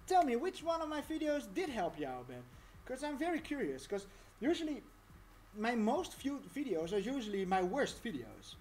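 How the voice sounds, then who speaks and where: A woman's voice: a little high, big pitch swings, normal speed, a little mellow, slight background noise. A woman talking through a casual live-stream tutorial, chatty and rambling, laughing often.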